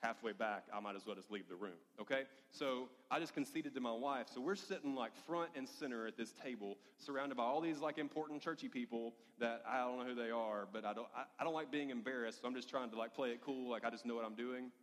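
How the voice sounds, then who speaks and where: A male preacher telling a funny personal story in a sermon, with lively humor. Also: mid-range voice, quick pace, hardly any pauses. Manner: storytelling, animated, self-deprecating humor. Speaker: pastor. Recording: long hall reverb.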